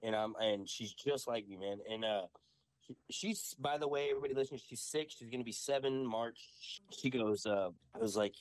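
A young man telling a story in a casual podcast chat, animated and full of swearing. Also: lowish voice, fairly quick, no room sound. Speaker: podcast host.

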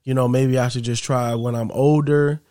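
A man's voice: mid-range voice, steady tone, normal speed, warm tone, dry recording, studio quality. A man telling a story in a casual, conversational way, slipping in quoted lines and asides to the listener.

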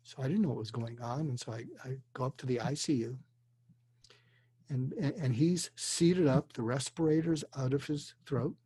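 An older man, a psychiatrist, telling a story earnestly and deliberately, dropping to a hush for emotional moments. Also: medium pitch, slightly rough, no room sound. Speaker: guest, psychiatrist. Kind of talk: storytelling in a conversation. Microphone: video call.

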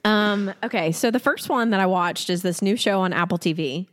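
A woman co-hosting a casual podcast, her voice sitting at an ordinary middle pitch. She talks in a chatty, opinionated way, piling up fillers as she reviews things. It is easygoing, everyday chat. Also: normal speed, long reverb tail. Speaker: podcast co-host.

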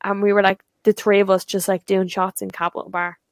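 A woman in her thirties with an Irish accent, co-hosting a podcast and telling sweary, animated stories in casual chat. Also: medium pitch, brisk, no room sound, studio quality. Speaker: podcast co-host.

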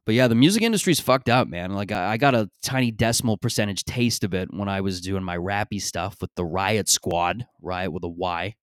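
A man hosting a podcast, telling stories in a rambling, profane, animated way, often stammering and restarting his sentences. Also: low-pitched, a little fast, few pauses, smooth, no echo, clean studio sound. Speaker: podcast host. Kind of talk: casual comedic monologue.

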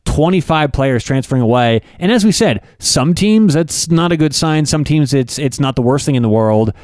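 A man's voice: fairly high pitch, expressive, moderate pace, a little mellow, dry recording, studio quality. A man co-hosting a casual sports talk show, loose and rambling with plenty of fillers. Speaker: co-host.

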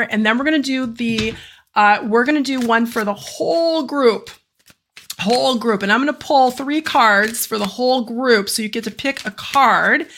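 A woman hosting a live stream, reading oracle cards and doing channeled healings, talking fast and effusively with rambling asides and exclamations. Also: fairly high pitch, fairly bright tone, a little hiss or hum. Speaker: oracle card reader and energy healer. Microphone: live stream setup.

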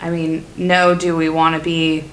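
A woman's voice: sits low, completely flat delivery, measured pace, slight background noise. A woman co-hosting a casual faith talk, speaking in an earnest, reflective way and often trailing off mid-thought. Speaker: co-host.

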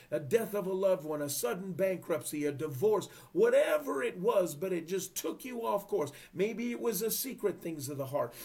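Fervent high-voiced male preacher. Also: darkish tone. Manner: fervent, emphatic, repeats phrases; drops to a whisper at times. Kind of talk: sermon.

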